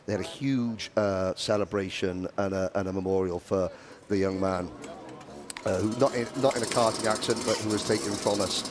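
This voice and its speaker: A man's voice: lowish voice, steady tone, normal speed, a crowd in the background. A man giving live karting commentary, chatty and rambling with asides.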